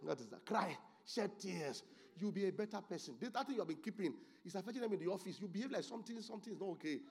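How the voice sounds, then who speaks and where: A man preaching a sermon as pastor, moving from low, quiet asides to loud, excited exclamations. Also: rapid-fire, breathy edge.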